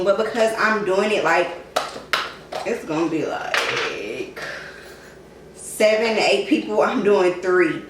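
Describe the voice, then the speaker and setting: A young woman walks viewers through a recipe in her kitchen, talking loosely with lots of fillers and calling them y'all. She sounds far from the mic, in an echoey room with steady background noise. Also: on the high side. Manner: chatty, filler-heavy, addresses viewers as y'all. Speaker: cooking vlogger. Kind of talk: casual cooking tutorial. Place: home kitchen.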